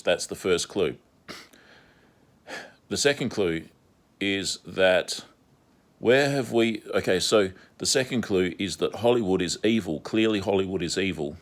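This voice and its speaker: A man's voice: low voice, measured pace. A man delivering a repetitive, insistent monologue as an online commentator. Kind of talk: ranting monologue vlog.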